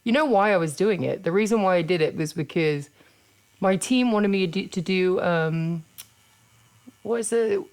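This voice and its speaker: This English woman in her thirties, a podcast host and wrestler, speaks at normal speed in a clean, medium-pitched voice. Hosting a casual chat, she comes across blunt and relaxed, swearing freely.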